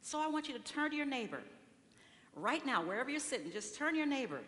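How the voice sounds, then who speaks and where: A woman's voice: high voice, big pitch swings, fast, fairly bright tone. Woman preaching in a reverberant church. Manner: conversational preaching with rhetorical questions and acted-out quotes. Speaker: speaker at a church service. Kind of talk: sermon. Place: large church sanctuary. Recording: reverberant hall, faint room noise.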